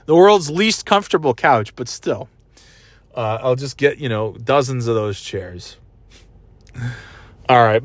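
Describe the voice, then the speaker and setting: A vlogger with a medium-pitched voice and no echo rambles casually after leaving a wrestling event in a city. He swears a lot, laughs often, and throws in goofy sound effects.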